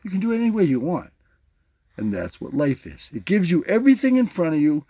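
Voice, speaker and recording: A man's voice: a little high, sing-song, fairly quick, dark tone, dull audio. A man hosting his own podcast, talking casually and playfully while demonstrating a jaw harp with a motivational message. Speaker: podcast host. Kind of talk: casual motivational vlog talk.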